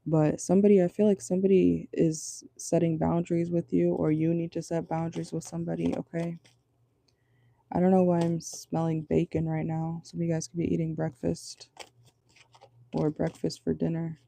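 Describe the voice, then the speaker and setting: A man's voice: fairly high pitch, monotone, normal speed, vocal fry, mellow. A man giving a casual tarot reading from a parked car, chatty and reassuring, tagging lines with "okay?". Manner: loose, chatty, reassuring, many fillers like "okay?". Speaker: tarot reader.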